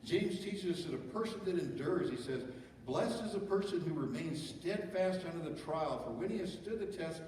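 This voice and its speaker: A man's voice: on the high side, darkish tone, a little hiss or hum. A middle-aged man pastor preaching a sermon, talking conversationally and asking the congregation rhetorical questions. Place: church sanctuary. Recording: echoey church hall from far off.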